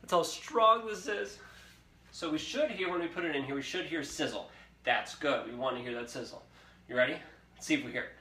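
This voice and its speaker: A man's voice: on the high side, a little fast, pushed and bright. A young man hosting a live cooking show from a home kitchen, chatty and upbeat, talking straight to his viewers. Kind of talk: casual live cooking demonstration. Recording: echoey kitchen with faint sizzling.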